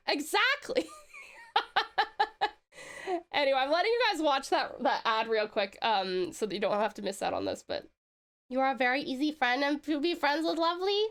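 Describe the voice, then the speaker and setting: An Australian woman streaming live, chatting casually, giggling and reading out chat messages. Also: sits high. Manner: giggly, excitable, swearing, reads chat aloud.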